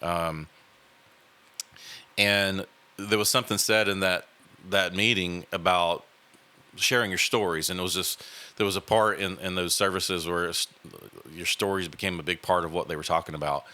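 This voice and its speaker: Earnest low-voiced man, halting. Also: fairly even intonation, sharp tone. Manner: halting, many fillers and restarts, earnest. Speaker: podcast host. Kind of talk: casual conversational storytelling.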